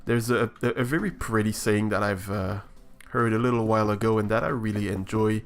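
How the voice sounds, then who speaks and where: A man streams a building game and talks over his play, hesitant and reflective with many restarts. His voice sits on the low side, brisk and steady in tone, with faint music in the background.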